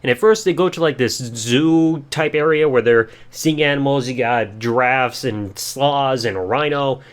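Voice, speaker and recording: A young man hosting a casual solo review podcast, rambling along and swearing casually. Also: mid-range voice. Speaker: podcast host.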